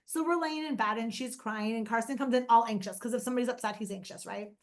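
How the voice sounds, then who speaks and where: A high-pitched woman chatting as an interview guest. She tells animated stories, often laughs and acts out the lines of people she quotes. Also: fast. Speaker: guest, mother of an autistic son. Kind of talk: casual interview chat.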